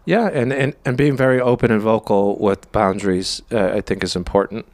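A man on a podcast, telling a personal story with lively quoted dialogue. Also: lowish voice, brisk, no room sound. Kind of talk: casual podcast chat.

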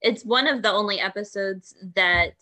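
Bright-voiced woman co-host, choked up. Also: medium pitch, moderate pace. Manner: soft-spoken, choked up. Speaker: podcast co-host. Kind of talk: casual recap chat.

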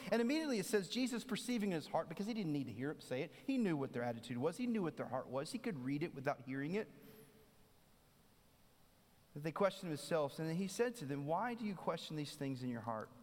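A man's voice: on the high side, very animated, fairly quick, darkish tone. A man preaching a sermon in a conversational way, acting out the voices of the people he quotes. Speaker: pastor. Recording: long hall reverb.

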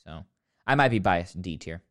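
A podcast host with a low, animated voice ranks films at a normal pace. His comedic rant is mock-serious and sarcastic, rambling along before bursting into sudden outbursts.

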